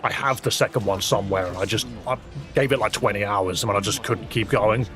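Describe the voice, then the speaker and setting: A man's voice: lowish voice, fairly quick, fairly bright tone, soft background music. A British man chatting casually and wryly as a live streamer, reacting to a video and laughing often.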